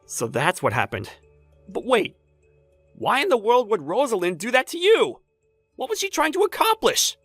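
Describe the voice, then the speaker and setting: A woman's voice: on the high side, big pitch swings, normal speed, husky, dry recording, faint music behind. A woman voicing a caring female company boss, worried and indignant, in a voiced story drama. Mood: concerned.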